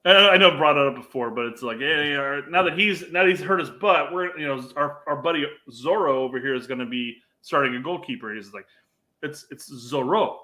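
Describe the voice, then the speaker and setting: A man's voice: a little high, fairly quick, hardly any pauses, pushed and bright. A man co-hosting a podcast, rambling through a casual sports chat with lots of hesitation. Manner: rambling, hesitant, many fillers and restarts. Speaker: podcast co-host.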